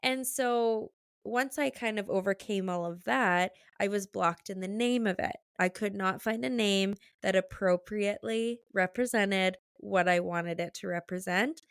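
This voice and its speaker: A young woman hosts a relaxed podcast conversation, speaking candidly and chattily with plenty of "like" fillers and quick laughs. Her voice is smooth and resonant at a mid pitch. It is recorded close and dry, with no room sound. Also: no room sound. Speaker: podcast host. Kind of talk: casual conversational interview.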